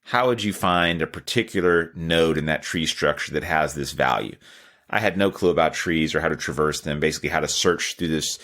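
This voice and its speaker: Deep-voiced man telling a story. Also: fairly quick, a bit bright. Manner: candid, self-deprecating, chuckles while telling stories. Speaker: podcast host. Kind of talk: casual storytelling.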